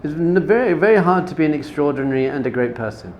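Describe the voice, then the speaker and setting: A rabbi giving an informal Torah lesson, talking conversationally, repeating words for emphasis and telling personal stories. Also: male voice, a little high, animated, fast, a little mellow, slight background noise. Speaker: rabbi teaching a class.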